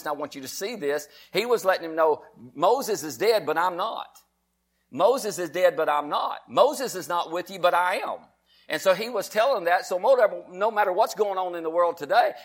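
A male preacher delivers a sermon to people watching from home. His voice sits high, and he talks fast and fervently, circling back to the same phrases again and again. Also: fairly bright tone. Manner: fervent, repetitive preaching, self-described fast talker. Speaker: pastor.

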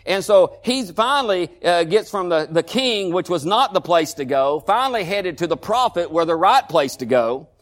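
A pastor preaching a sermon, drawing the congregation in with repeated asides and questions. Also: male voice, sits high, lively intonation, moderate pace, few pauses, fairly bright tone. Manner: preaching with call-and-response asides, repeated "huh?" and "listen".

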